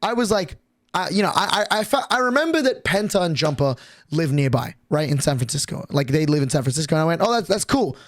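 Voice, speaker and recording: A man's voice: fairly high pitch, fast, dry recording. A young man streaming, telling a rambling, profane story to his chat with lots of restarts and fillers.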